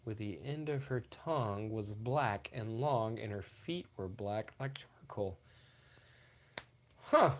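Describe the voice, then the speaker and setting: A man co-hosting a casual podcast, crude and joking, with frequent profanity and loud bursts. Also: lowish voice, unhurried, few pauses. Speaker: podcast co-host.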